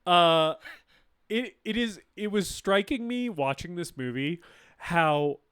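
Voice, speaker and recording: A man co-hosting a podcast in casual chat, excitable and laughing often. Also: sits high, slow pace, smooth. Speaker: podcast co-host.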